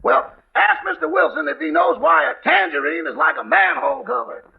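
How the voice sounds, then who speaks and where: A man playing a wisecracking male valet in a 1940s radio comedy, loud and teasing. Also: extremely high pitch, animated, a little fast, heavily acted. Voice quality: gravelly. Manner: loud joking delivery. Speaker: radio comedy butler character. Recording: dull old radio broadcast.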